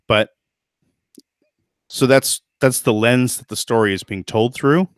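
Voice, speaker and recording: A man's voice: mid-range voice, unhurried, no echo, clean studio sound. A man hosting a podcast in casual chat, thoughtful and hedging, with lots of fillers and restarts. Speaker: podcast host.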